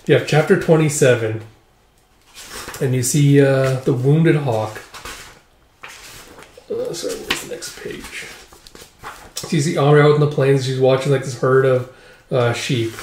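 A man's voice: medium pitch, measured pace, pauses often, a little mellow, a little hiss or hum. A man casually retelling a comic, rambling and full of "like" and "uh". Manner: rambling, filler-heavy with "like" and "uh". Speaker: manga recap reader. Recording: roomy echo.

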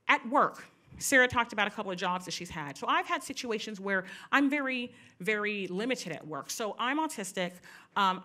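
Woman, middle-aged, candid personal talk, animated storytelling, bright clear tone. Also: mid-range voice. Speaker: speaker at a panel event.

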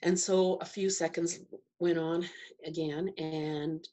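A middle-aged woman telling a personal story as a podcast guest, slow and reflective, pausing and restarting as she searches for words. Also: fairly even intonation, mellow. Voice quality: low, husky voice with gravelly fry. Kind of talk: personal testimony in an interview.

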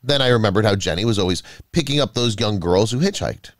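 A man's voice: lowish voice, lively intonation, quick pace, no room sound, clean studio sound, close to an everyday voice. A man doing a nervous, guilty friend. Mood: defensive.

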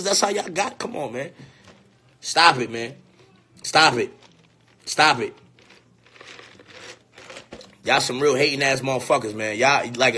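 A man's voice: high voice, slightly rough. A man delivering a crude, brash ranting monologue to camera. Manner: brash, crude, loud and often laughing. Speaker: vlogger.

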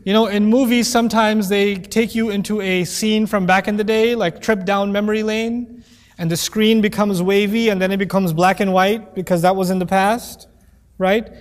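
A man's voice: sits high, fairly even intonation, moderate pace. A man giving a conversational Quran commentary lesson, joking and acting out quoted voices. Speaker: Quran teacher. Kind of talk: lecture-style Quran commentary. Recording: long hall reverb.

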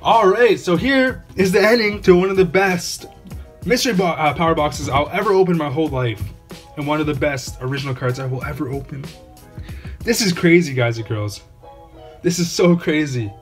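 Soft music plays behind a man whose voice is on the high side, speaking at a moderate pace while he hosts his channel. Opening trading card packs, he gives casual, awestruck unboxing commentary and keeps repeating the same exclamations.

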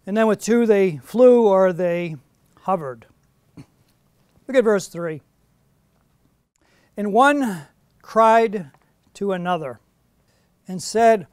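A middle-aged man teaching a Bible study to a class in a room, emphatic and animated, often asking his listeners questions. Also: high-pitched, takes it slowly, pauses often, clear, resonant tone, no room sound. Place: indoor classroom.

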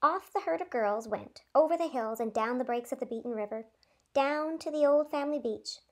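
High-pitched female teacher narrating a storybook with lively expression. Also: brisk. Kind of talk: reading a story aloud.

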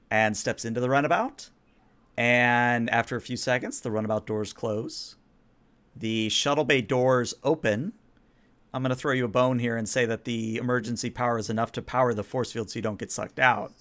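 A man running a tabletop role-playing game as game master. He narrates scenes in a plain, mid-pitched voice and asks players for rolls. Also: a bit bright. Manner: descriptive, storyteller.

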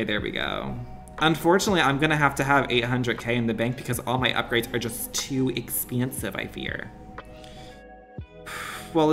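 A man streaming a mobile game, doing playful, over-the-top excited commentary in the manner of a mock sponsored ad. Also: medium pitch.

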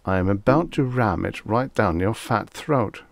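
A man's voice: on the low side, lively intonation, a little slow, creaky, no room sound. A man voicing a brooding, menacing gunner. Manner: quiet, threatening. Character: tense male spaceship gunner, brooding and menacing.

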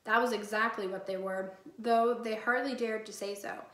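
A woman teacher reading a chapter book aloud to her class in a clear, steady storytelling voice. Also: medium pitch, normal speed. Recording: echoey room.

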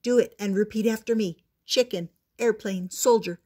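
A woman's voice: mid-range voice, moderate pace, a little mellow, lightly acted. A woman voicing a patient mother frog who coaxes her young son, for a storybook reading. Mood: coaxing. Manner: coaxing, encouraging.

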